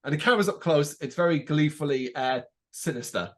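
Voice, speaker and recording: A man's voice: on the high side, fairly quick. A man co-hosting a podcast, casually recapping a TV episode and acting out the lines he quotes. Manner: animated retelling, acts out quotes. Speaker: podcast co-host.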